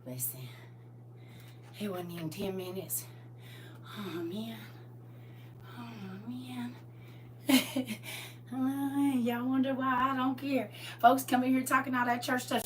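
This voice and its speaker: A woman pastor talking casually on a live stream about faith, swinging from loud exclamations to hushed asides. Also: fairly high pitch, normal speed, long pauses, distant mic, a little hiss or hum.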